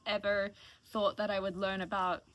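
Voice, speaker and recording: A woman's voice: mid-range voice, little pitch movement, moderate pace, a bit bright. A woman in her late twenties talking casually and emotionally to her stream viewers, rambling and thankful. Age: late 20s. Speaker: live streamer. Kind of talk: casual heartfelt stream chat.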